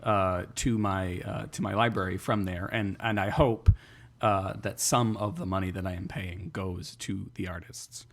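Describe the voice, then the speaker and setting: A man's voice: sits low, fairly even intonation, unhurried. Dry-joking male podcast co-host. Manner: dry, mock-authoritative joking. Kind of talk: casual chat.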